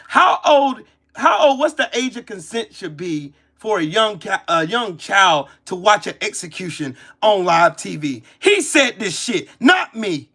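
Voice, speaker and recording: A man's voice: high voice, sing-song, a little slow, sharp tone. A man in his forties ranting about politics, heated, profane and repetitive, saying he is pissed off and has a headache. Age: 40s. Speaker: political commentary streamer. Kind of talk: angry ranting commentary.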